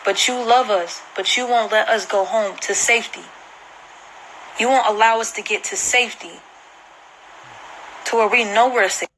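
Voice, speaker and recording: Earnest bright-voiced woman telling her story. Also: mid-range voice, fairly even intonation, moderate pace, pauses often, a little hiss or hum, poor audio. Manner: earnest, repeats herself for emphasis. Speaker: vlogger. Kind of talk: emotional personal account to camera. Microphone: phone screen recording.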